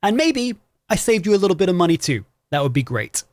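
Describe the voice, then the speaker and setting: A man hosting a tutorial on microphone quality for live streaming, explaining clearly and demonstrating his voice at different volumes. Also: high-pitched, big pitch swings, fast talker, darkish tone, no room sound. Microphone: studio microphone with processing.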